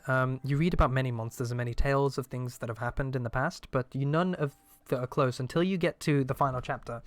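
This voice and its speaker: A man narrating a tabletop game as game master in a relaxed way, with many fillers and restarts. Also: mid-range voice, no echo.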